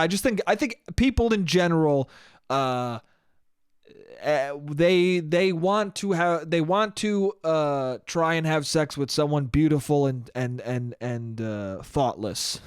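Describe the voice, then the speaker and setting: A man's voice: on the high side, clear, resonant tone, no room sound, studio quality. A young man hosting a solo podcast, rambling and cursing casually, mocking himself and often breaking into laughter. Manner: rambling, profane, self-mocking, frequent laughs. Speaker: podcast host.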